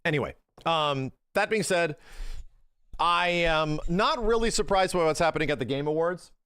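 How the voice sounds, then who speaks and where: A man's voice: on the high side, moderate pace, fairly bright tone, clear, resonant tone, no room sound, studio quality. A man live-streaming, chatting casually with his viewers, rambling through opinionated takes and swearing freely.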